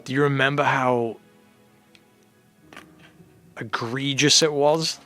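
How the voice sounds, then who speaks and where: Young guy rambling over a horror game stream, chill, mid-pitched, lots of "you know". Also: steady tone, slow, sharp tone, faint music behind. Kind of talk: casual let's-play chat.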